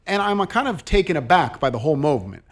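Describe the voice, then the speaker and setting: A man co-hosts a show in casual conversation, telling stories expressively and acting out quotes. His voice is slightly high and he talks quickly.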